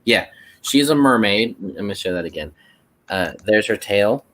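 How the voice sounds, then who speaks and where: A man's voice: on the low side, animated, unhurried, fairly bright tone, rough recording. A man co-hosting a casual chat, reading a tarot card in a rambling, hesitant way with many self-corrections.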